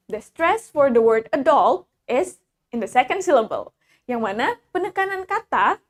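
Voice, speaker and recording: Young woman teaching english, high voice, has the class repeat words. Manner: switches between English and Indonesian, drills words for repetition. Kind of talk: bilingual classroom lesson.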